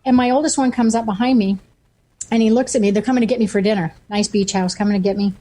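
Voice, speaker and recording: A woman hosts a radio talk show with a warm, mellow tone. She talks with enthusiasm and keeps affirming her guest. Her pitch sits in the middle range for a woman. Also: fairly even intonation, fast talker. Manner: enthusiastic, frequent affirming interjections. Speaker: talk radio host and coach.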